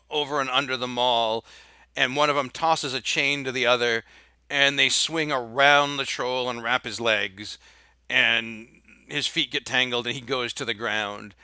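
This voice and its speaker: A man's voice: mid-range voice, sharp tone, clear, resonant tone, no echo. A young man narrating as game master, describing the action in a storytelling way with frequent fillers.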